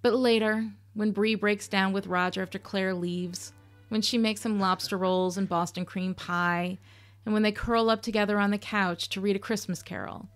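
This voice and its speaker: A woman's voice: mid-range voice, fairly even intonation, moderate pace. A woman hosting a podcast, giving candid, sarcastic commentary on a TV episode, swearing casually. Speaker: podcast host.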